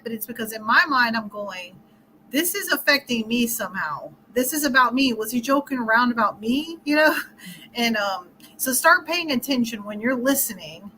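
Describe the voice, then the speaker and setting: Bright-voiced chatty woman coach. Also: fairly high pitch, lively intonation, normal speed, slight background noise, poor audio. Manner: chatty, explains with scenarios and laughs often. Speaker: relationship coach. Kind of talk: casual interview talk.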